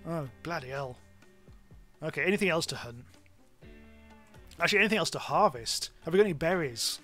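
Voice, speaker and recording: A man's voice: fairly high pitch, lively intonation, a little fast, sharp tone, faint music behind. A British man giving rambling, casual commentary on a live game stream, swearing freely.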